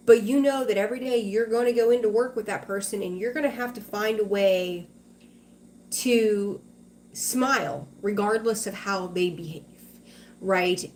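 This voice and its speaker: A woman's voice: mid-range voice, darkish tone, slight background noise. A woman hosting a tarot livestream, chatting casually with viewers, reassuring them and greeting them by name.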